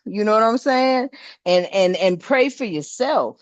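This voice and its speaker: A woman's voice: mid-range voice, animated, a little slow, dry recording, muffled recording. An older woman, host of a spiritual vlog, talking casually in a blunt, salty way, preaching and swearing and calling her viewers "family.".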